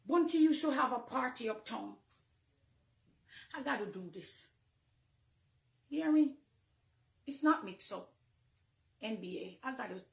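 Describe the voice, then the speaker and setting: A woman with a Jamaican accent, a minister speaking emotionally to her followers, swinging between hushed confiding and loud, heated outbursts. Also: on the high side, creaky, echoey room. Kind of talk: emotional personal address to followers.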